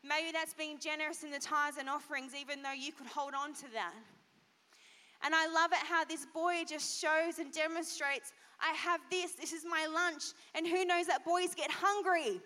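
A woman pastor giving an animated children's sermon, asking the kids questions. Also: sits high, normal speed. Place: church hall. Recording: long church hall reverb.

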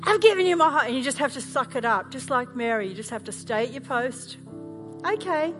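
High-voiced Australian woman preaching. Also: fairly quick. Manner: storytelling, animated, self-mocking humor. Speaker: pastor. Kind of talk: sermon. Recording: music playing underneath.

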